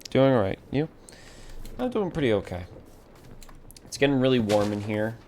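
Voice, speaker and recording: A man streaming a game from a warm room at home, muttering to himself as he builds and chatting with viewers. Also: medium pitch, sing-song, moderate pace, slight background noise. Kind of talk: casual live-stream chatter while playing.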